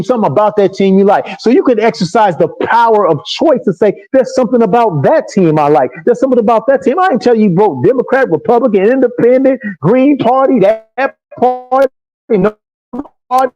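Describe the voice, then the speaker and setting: A man with a high, very lively voice that swoops up and down as he preaches to his listeners. His tone is mellow rather than bright. The stream audio sounds dull and lo-fi. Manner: preacherly, conversational, answers imagined questions. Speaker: host. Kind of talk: motivational livestream talk.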